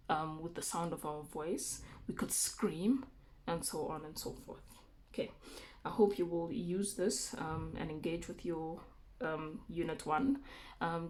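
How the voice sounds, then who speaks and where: Woman teacher with a low voice. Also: a little mellow. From South Africa. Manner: explaining slowly with frequent okays and ums. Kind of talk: recorded remote lesson.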